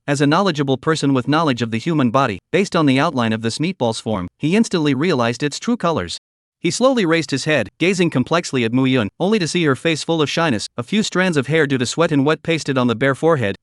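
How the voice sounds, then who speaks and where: A text-to-speech male voice narrating a story recap with an even, machine-like reading. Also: a little high, no room sound, clean studio sound.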